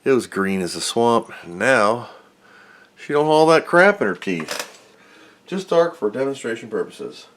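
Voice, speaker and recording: Male host, mid pitch, rambling workbench chatter, self-deprecating, faint hiss behind. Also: very animated, unhurried, fairly bright tone. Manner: rambling, self-mocking, mutters while working. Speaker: electronics repair host. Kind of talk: casual workbench narration.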